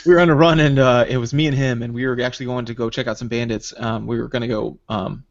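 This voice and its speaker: A man on a podcast tells a gaming story at a rapid clip, jumping into quoted voices as he goes. The sound is dry and close, with a dull lo-fi tone. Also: mid-range voice, vocal fry, no echo. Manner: animated retelling, acts out quoted dialogue. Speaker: podcast host. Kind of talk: casual storytelling chat.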